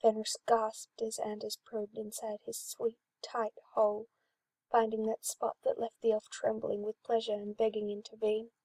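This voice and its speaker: A woman reading a fan-written story aloud in an even, smooth storytelling manner. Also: a little high, moderate pace, no room sound. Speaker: story reader.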